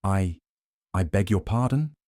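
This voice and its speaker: A man's voice: low voice, expressive, a little slow, darkish tone, dry recording, clean studio sound. A man voicing a guarded doctor who answers in a clipped, defensive way.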